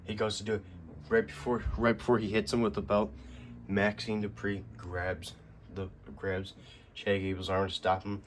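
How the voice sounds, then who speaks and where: Deep, flat-voiced man recapping. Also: moderate pace, slight background noise. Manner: rambling, many fillers and restarts. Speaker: wrestling recap host. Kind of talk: casual spoken recap.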